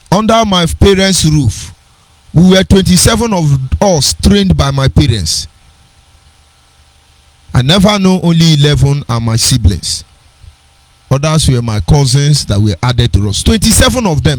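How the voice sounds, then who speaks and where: A man's voice: on the high side, no echo, rough recording. A middle-aged man with a Nigerian accent, giving an earnest personal storytelling talk on a radio program, digressive and with sing-song emphasis.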